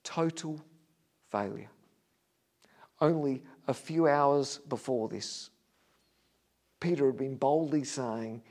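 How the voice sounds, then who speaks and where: A man preaching a sermon as a vivid story, his voice swinging between loud and hushed. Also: mid-range voice, animated, a little slow.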